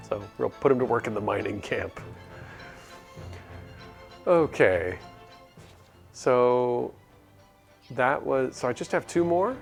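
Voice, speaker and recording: Man, game streamer, casual commentary, muttering, gravelly voice, faint music. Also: medium pitch. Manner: muttering, reading quest text aloud.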